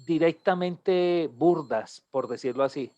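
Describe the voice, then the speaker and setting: A man's voice: on the high side, moderate pace, warm tone, muffled recording. A man leading a class, quizzing students and laughing often. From Colombia. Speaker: teacher. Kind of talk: bilingual class discussion.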